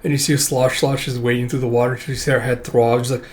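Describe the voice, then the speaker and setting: Chatty guy doing a manga read-through, rambly with lots of uhs and likes, mid pitch. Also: little pitch movement, fairly quick, few pauses. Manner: rambling, frequent fillers, casual swearing. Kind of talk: casual reading commentary.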